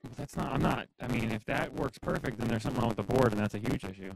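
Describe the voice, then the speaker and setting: A man's voice: on the low side, steady tone, very fast, gravelly, a little hiss or hum, rough recording. A man co-hosting a live podcast, easygoing and self-deprecating in casual banter. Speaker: podcast co-host.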